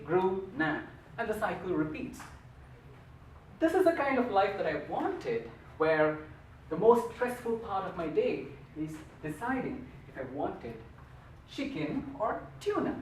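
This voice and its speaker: A man's voice: sits high, roomy sound, recorded from a distance, a little hiss or hum, low-quality recording. A man giving a humorous storytelling speech at a contest, with a playful, theatrical delivery. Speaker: contest speaker.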